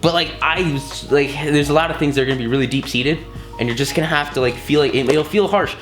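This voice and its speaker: A man's voice: on the high side, fast talker, a bit bright, echoey room, soft background music. A man giving a casual, enthusiastic course lesson, talking in slangy bursts with many fillers and restarts. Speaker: course instructor.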